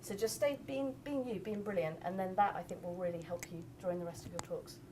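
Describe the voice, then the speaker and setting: A woman's voice: on the low side, fast talker, very noisy. A woman, giving frank but kind feedback to a speaker. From England. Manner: frank, reflective, gently corrective. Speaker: judge.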